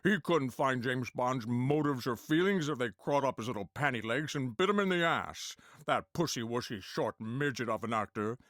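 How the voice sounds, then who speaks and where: A man impersonating a gruff, irritable older male film actor who curses bluntly and sneers. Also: mid-range voice, lively intonation, normal speed, hardly any pauses, a bit bright, no room sound, studio quality, close to an everyday voice. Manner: cursing, blunt, scornful. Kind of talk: comedy impression sketch.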